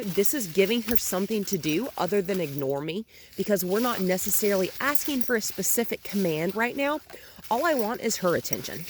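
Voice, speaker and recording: Lively-pitched woman coaching a dog outdoors. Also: fast, background noise. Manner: calm explaining, with cooing praise to the dog. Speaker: dog trainer. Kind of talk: outdoor training demonstration. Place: outdoors in a park.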